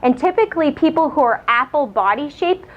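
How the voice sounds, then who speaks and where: A woman giving a live lecture on diet and exercise, chatty and lively, asking her audience questions. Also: high-pitched, a little fast, a little hiss or hum. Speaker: nutrition speaker. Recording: muffled lo-fi lecture recording.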